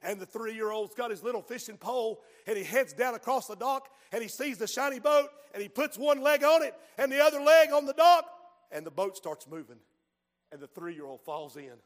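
High-voiced preacher in an echoing hall. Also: male voice, expressive, moderate pace. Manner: swings from hushed storytelling to shouted exhortation. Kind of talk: sermon. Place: church sanctuary. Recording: long hall reverb.

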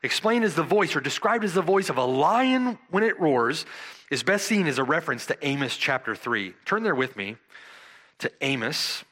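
A man delivering an expository sermon in a bright, forceful voice. His pitch rises and falls widely as he draws out key words for emphasis, then turns to his listeners with rhetorical questions. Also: big pitch swings. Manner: emphatic, dramatic slow stresses on key words; asks the congregation rhetorical "right?". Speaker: preacher.

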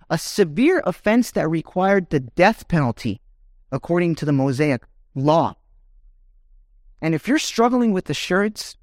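A man delivers a sermon in a measured, unhurried way, with a slightly higher voice than most men. He reads scripture and builds to emphatic questions. The sound is dry, with no room echo. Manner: earnest preaching, rising to emphatic questions. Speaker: pastor.

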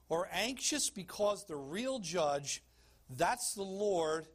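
A man preaching a sermon as pastor of a church, emphatic, asking the congregation questions and calling for slides. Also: high voice.

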